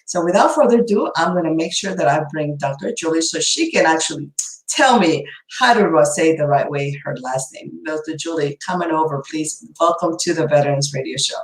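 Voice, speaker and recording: A woman's voice: sits low, lively intonation, brisk, reverberant, rough recording. A woman hosting a radio show and podcast, effusive and upbeat, with many fillers and restarts.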